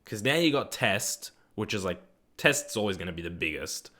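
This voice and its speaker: A man's voice: on the low side, animated, normal speed, pushed and bright. A young Australian man streaming a game live, chatting in a laid-back, rambling way, answering viewers and swearing casually. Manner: reads viewer chat aloud and answers it. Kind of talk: live gaming stream chat.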